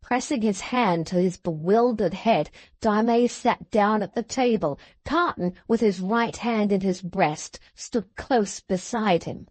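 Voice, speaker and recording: A woman narrating an audiobook in a measured way, slowing at the end of phrases. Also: medium pitch, darkish tone, dry recording. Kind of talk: scripted narration of a classic novel.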